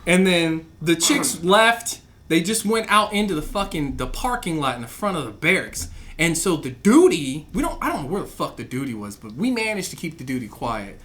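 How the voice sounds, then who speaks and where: Animated, bright-voiced man telling stories. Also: on the high side, normal speed. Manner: profane, animated storytelling with loud acted-out quotes. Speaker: podcast guest telling stories. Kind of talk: casual podcast chat.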